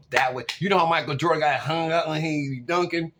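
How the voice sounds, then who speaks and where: A man in his forties telling a story to camera in a casual, animated way, swinging from loud outbursts to hushed asides. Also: fairly high pitch, fairly quick. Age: 40s. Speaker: vlogger.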